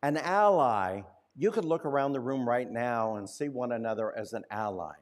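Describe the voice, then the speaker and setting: A male pastor telling a story in a sermon, conversational, slowing down and dropping to a hush at key points. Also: medium pitch, lively intonation.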